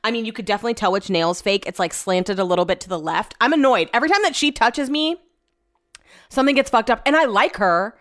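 A woman's voice: on the high side, fast. A young woman at home chatting casually through a rambling storytime vlog, frank and loose with swearing. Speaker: vlogger. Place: home, indoors.

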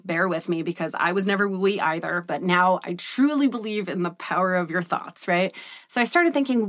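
A woman's voice: medium pitch, no echo, studio quality. A woman in her thirties talking to camera in a candid, casual vlog, chatty and full of "like" and "right?". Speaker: business coach and vlogger.

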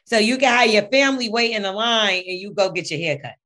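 A woman co-hosting a podcast, talking in loud, animated casual banter. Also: medium pitch, fast. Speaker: podcast co-host.

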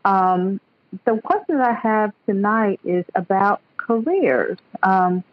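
A woman from North Carolina with a Southern accent, calling in to a radio show and speaking in a soft, hesitant way with frequent laughs. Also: medium pitch, expressive, slow pace, dry recording. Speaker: caller. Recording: dull, dry phone line.

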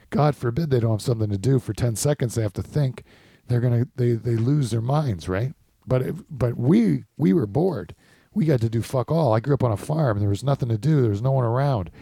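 Mellow-voiced man, rambling and profane. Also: mid-range voice, vocal fry, slightly rough, dry recording. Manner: rambling, profane, mock-ranting. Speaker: podcast host. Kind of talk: casual podcast chat.

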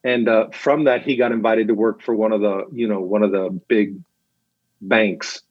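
A man's voice: fairly low pitch, normal speed, no echo. A man, an interview guest and missionary, telling his story animatedly and acting out the dialogue. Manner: animated storyteller, acts out quoted dialogue, laughs. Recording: dull, lo-fi dry sound.

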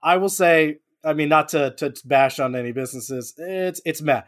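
A man musing on a comedy podcast. He wanders halting through his thoughts. His voice sits a little high. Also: fairly bright tone. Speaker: podcast co-host. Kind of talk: casual comedy chat.

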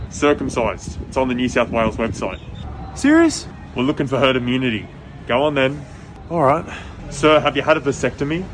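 A man acting in a comedy sketch, playing a pushy, deadpan security guard and an exasperated customer in clipped exchanges. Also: mid-range voice, a little hiss or hum, lightly acted.

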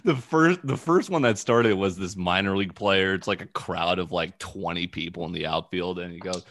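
A man's voice: low voice, moderate pace. A young man hosting a podcast, telling loose, profane stories in casual chat. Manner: loose, profane, animated storytelling. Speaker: podcast host.

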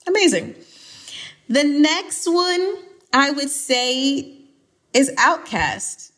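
A woman from Atlanta with an American accent, a podcast guest talking casually in an emphatic, animated way with playful exaggeration. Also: sits high, very slow, pauses often. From Atlanta, USA. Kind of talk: casual conversation.

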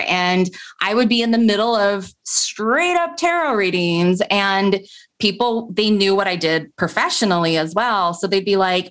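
A woman guest telling stories in a casual interview, chatty and animated, often laughing and acting out what her friends said. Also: medium pitch, normal speed. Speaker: podcast guest, tarot reader and tech coach.

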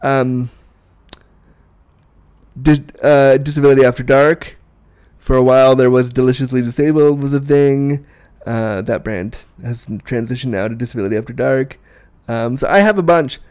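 A man's voice: mid-range voice, normal speed, darkish tone, smooth. A man chatting casually and frankly as a disability sex educator, joking and laughing often. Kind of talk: casual podcast chat.

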